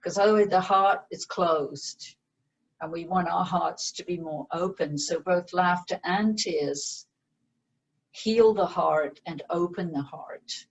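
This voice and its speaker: A woman meditation teacher and author, explaining her practice in a slow, gentle way as an interview guest. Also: on the low side, husky, poor audio. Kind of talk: interview conversation.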